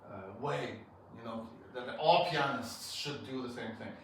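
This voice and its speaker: A man teaching a piano masterclass, coaching a student with emphatic, halting phrases and frequent restarts. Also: medium pitch, slight background noise. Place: piano studio room. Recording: roomy echo from far off. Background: piano playing.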